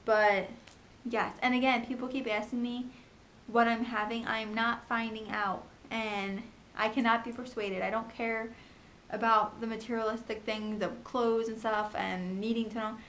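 A young woman in a casual home vlog, talking fast and chattily about her pregnancy, with lots of ums and likes. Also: a little high, flat delivery, a bit bright, slight background noise. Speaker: pregnancy vlogger. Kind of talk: casual chat.

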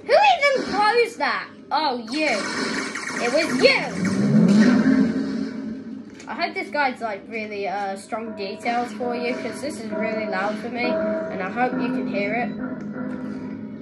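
A young woman giving excitable gaming commentary, often yelling at other players. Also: a little high, low-quality recording. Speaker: gaming video creator. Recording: gameplay with music behind.

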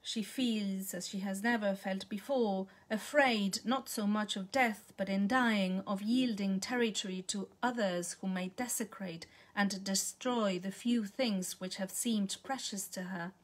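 A woman reading a literary short story aloud in a measured, calm manner. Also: mid-range voice. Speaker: reader.

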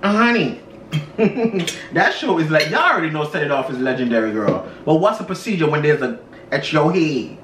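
A woman's voice: sits low, very animated, brisk, recorded from a distance, slight background noise. A woman co-hosting a mukbang chat, talking in a sassy, drawling, teasing way. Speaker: co-host. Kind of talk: mukbang chat and quiz game. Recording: echoey room, off mic.

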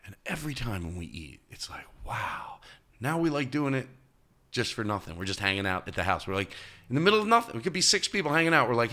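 A male comedian talking as a podcast guest, telling stories in an animated way and jumping into high, loud voices when he quotes people. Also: fast talker. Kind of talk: casual interview chat.

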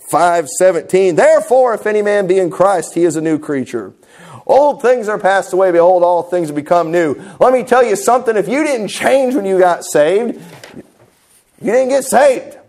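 High-voiced pastor preaching conversationally. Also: male voice, a little mellow. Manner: conversational preaching, mocking asides, humorous. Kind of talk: sermon. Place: church sanctuary.

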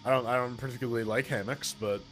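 A man's voice: mid-range voice, steady tone, fast talker, fairly bright tone, faint music behind, rough recording. A man co-hosting a casual podcast chat who stammers and repeats words while he jokes. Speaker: podcast co-host.

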